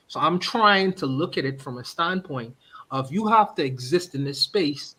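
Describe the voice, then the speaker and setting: A man's voice: on the high side, normal speed, a bit bright. A man hosting a casual podcast discussion, earnest and pressing his question, often breaking into laughs. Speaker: podcast host.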